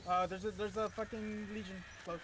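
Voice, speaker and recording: A man's voice: high-pitched, flat delivery, normal speed, background noise. A man playing a game with friends, calling out enemies and swearing. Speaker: co-player. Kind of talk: casual gaming chat.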